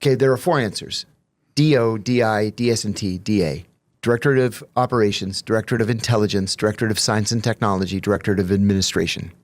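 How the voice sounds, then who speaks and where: A man who is a former intelligence officer, telling anecdotes as a guest in a measured, explanatory way. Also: lowish voice. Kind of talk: conversational anecdotes.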